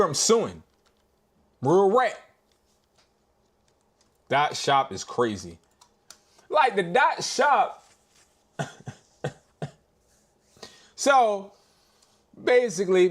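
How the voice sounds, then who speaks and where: Casual male streamer: slangy and exasperated, with a high voice that swings widely. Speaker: reseller and wholesaler hosting a live stream. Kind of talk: casual live-stream chat.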